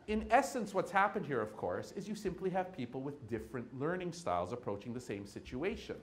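A male keynote speaker with a somewhat high voice that swoops widely as he talks. He acts out little dialogues between people to make his points. There's a faint hum of noise behind him. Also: normal speed. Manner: animated, acts out little scenes with quoted voices. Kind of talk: lively keynote lecture. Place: lecture hall with audience.

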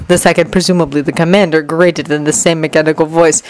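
A woman narrating a fanfiction audiobook in an expressive reading voice that swings with the action. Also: low-pitched, fast, hardly any pauses, poor audio. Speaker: fanfiction reader.

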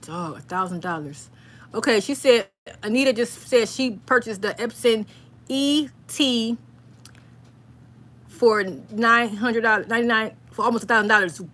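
A woman hosting a casual live stream, rambling excitedly and reading viewers' comments aloud. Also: on the high side, a little slow.

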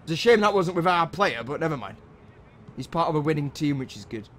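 A young man, giving casual commentary while playing a football video game and shouting encouragement and curses at the players. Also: a little high, expressive, brisk, slight background noise. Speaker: gaming channel host.

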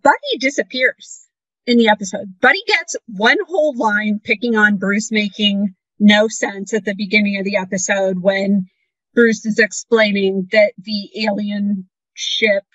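Bright-voiced exasperated woman, dry lo-fi. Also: medium pitch, fairly even intonation, a little slow, dry recording. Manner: incredulous, exasperated commentary. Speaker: podcast co-host. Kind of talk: casual fan discussion. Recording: dry, dull lo-fi audio.

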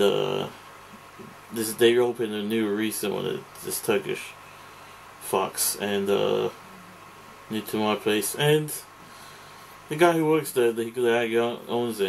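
A man's voice: lowish voice, vocal fry, darkish tone, a little hiss or hum, low-quality recording. Rambling, profane man ranting. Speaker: vlogger. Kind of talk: ranting monologue to camera.

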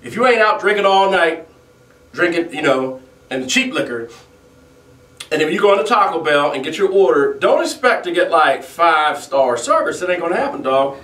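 A man's voice: a little high, expressive, moderate pace, a bit bright. A man hosting a comedic mock weather report outdoors, rambling and griping with frequent laughs. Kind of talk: improvised comedic monologue. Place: outdoors at sunset. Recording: distant outdoor mic with echo.

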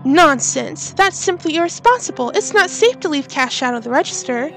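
A woman's voice: sits high, expressive, moderate pace, gravelly, fairly bright tone, soft background music, exaggerated voice. A woman voicing a stern male store manager in a horror game, speaking formally and with authority.

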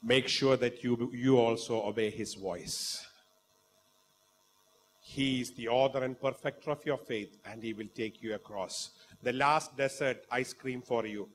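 A man with an Indian English accent preaching a sermon, fervent and dramatic, swinging from quiet talk to loud exclamations. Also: medium pitch. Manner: acts out quoted voices in the story.

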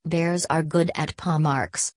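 A woman's voice: deep voice, steady tone, takes it slowly, a little mellow, no room sound, studio quality. Woman doing a polite young bear. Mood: hopeful. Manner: earnest, polite.

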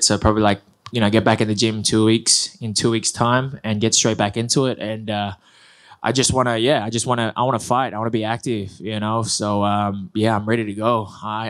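A man answering press questions after a fight, upbeat and loose, with many fillers and restarts. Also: lowish voice. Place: press conference room.

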